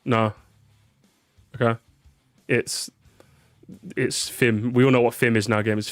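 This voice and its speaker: A man's voice: mid-range voice, lively intonation, a little slow, long pauses, a bit bright, no room sound, soft background music. A tired man chatting casually on a live stream, repeating words, swearing and reacting to his chat.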